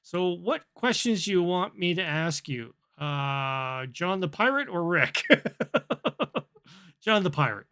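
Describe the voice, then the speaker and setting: A man's voice: high voice, lively intonation, slow pace, bright, forceful tone, clear, resonant tone. A man recapping his chats with an app in a casual, amused and dry way, chuckling as he goes. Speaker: vlogger reviewing an app.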